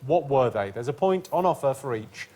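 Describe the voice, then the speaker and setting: A British man hosting a comedy quiz, delivering scripted jokes deadpan. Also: mid-range voice, normal speed. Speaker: quiz show host. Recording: studio with live audience laughter and noise.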